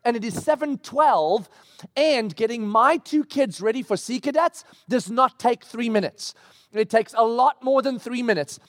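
A middle-aged man preaches a sermon in an unusually high voice. He tells the story casually, jumping into acted-out voices. The mic picks him up close and dry, with almost no room sound. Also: unhurried, no echo. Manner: animated storytelling with acted-out quotes. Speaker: pastor. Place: church.

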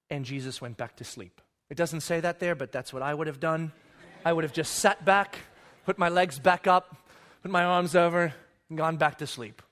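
A man preaching a sermon in a conversational way, acting out the story with sudden loud and hushed moments and often asking "right?". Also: high-pitched, moderate pace. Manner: animated storytelling, acts out disciples and Jesus with sudden loud and hushed voices; conversational, keeps checking with "right?". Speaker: pastor.

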